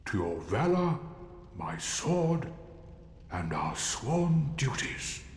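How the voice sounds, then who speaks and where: An actor playing a jovial, kindly knight with a hearty, theatrical manner in a game. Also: male voice, mid-range voice, big pitch swings, drawn-out words, slight background noise, full character voice. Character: jovial onion-armored male knight, hearty and kind. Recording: game audio in a roomy, echoing hall.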